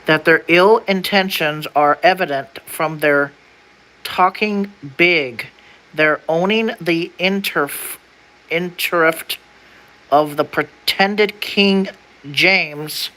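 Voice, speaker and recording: A young adult streamer reads an old document aloud during casual livestream chat. The slangy delivery keeps stalling to sound out words, with a bright, forward tone. Their pitch sits in the middle range. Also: drawn-out words, rough recording.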